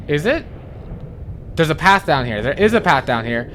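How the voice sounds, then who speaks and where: A man's voice: on the high side, big pitch swings, normal speed, a bit bright, slight background noise. A man giving blind playthrough commentary on a game, jumpy and swearing, who repeats panicked phrases over and over. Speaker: gaming channel host.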